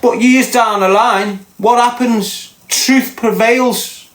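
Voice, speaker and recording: A man's voice: very high voice, steady tone, takes it slowly, a bit bright, roomy sound. A man with a Liverpool accent telling a heated, insistent story as a podcast host. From Liverpool, England. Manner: ranting, fired-up, insistent.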